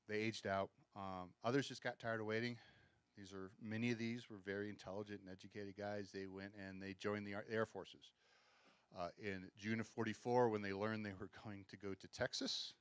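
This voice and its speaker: Historian, male, low-pitched, dry close sound, wry and conversational, stumbles and restarts. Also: no echo. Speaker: historian giving a museum talk. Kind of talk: casual lecture with slides. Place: museum event room.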